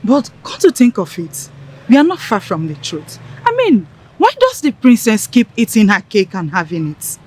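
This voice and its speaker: A teasing scheming ringleader. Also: female voice, mid-range voice, huge pitch swings, normal speed, a little mellow, breathy edge. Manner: persuasive, teasing. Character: scheming young woman ringleader. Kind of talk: Nollywood film acting.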